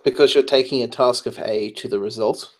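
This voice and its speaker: A man's voice: medium pitch, steady tone, fairly quick. A tired man, up late at night, explaining programming choices in casual chat, hesitant with many fillers. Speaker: programmer giving advice.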